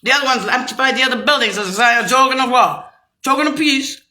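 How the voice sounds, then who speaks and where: A woman delivering a bitter, profane, rambling rant straight to camera, swinging between shouting and low muttering. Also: fast.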